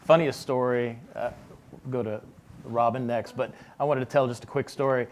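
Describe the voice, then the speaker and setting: A man's voice: medium pitch, fairly even intonation, moderate pace. Guy moderating a panel, wry storyteller, a bit of room noise. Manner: wry storyteller, chuckling aside. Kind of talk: panel discussion.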